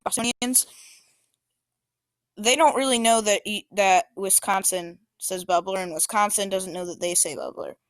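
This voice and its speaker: A woman's voice: mid-range voice, normal speed, hardly any pauses, no echo. A woman giving an informal presentation about maps, talking casually with many fillers and small restarts. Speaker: student presenter.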